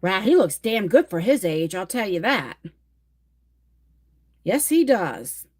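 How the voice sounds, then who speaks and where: A woman's voice: mid-range voice, very animated, slow pace, a little mellow. A middle-aged woman from New Jersey with a New Jersey accent, chatting casually on a livestream, rambling and reading viewer comments aloud. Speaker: livestream host.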